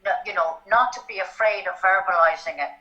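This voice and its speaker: An older Irish woman telling a personal story in an interview, animated and often checking in with "right?". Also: medium pitch, brisk. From Ireland. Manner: animated, tag questions like "right?". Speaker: guest. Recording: dull lo-fi sound.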